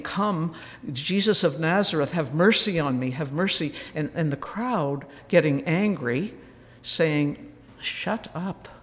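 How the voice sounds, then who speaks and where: A woman speaks at a spiritual retreat in a storytelling manner, voicing each person she quotes and letting some lines fall to a near whisper. The sound carries a long reverberant tail, as in a hall. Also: low voice. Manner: storytelling, acting out quoted voices, dropping to a whisper.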